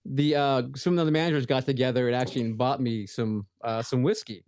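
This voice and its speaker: A man's voice: mid-range voice, fairly even intonation, brisk, a little mellow, smooth, no echo, clean studio sound. A man co-hosting a casual podcast, easygoing and joking as he greets chat viewers by name. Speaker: podcast co-host.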